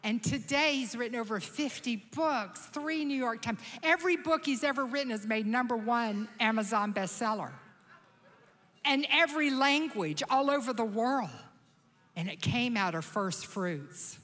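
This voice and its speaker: High bright woman, lively stage storyteller in big echoey hall. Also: moderate pace. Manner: animated, acts out quoted voices. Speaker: conference speaker. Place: large church auditorium. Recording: reverberant hall sound.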